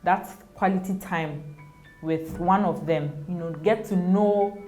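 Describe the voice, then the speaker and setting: In this casual interview, the guest, a young Ghanaian mother of two, talks with lots of animation, frequent laughter, and acted-out quoted voices. Her pitch is fairly low, her pace slow, and her tone darkish, with faint music in the background.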